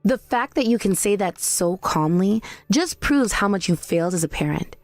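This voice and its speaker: A woman voicing a calm, pointed young daughter-in-law in a text-message story drama. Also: mid-range voice, moderate pace, no echo, soft background music, close to an everyday voice. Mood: cutting. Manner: calm, cutting.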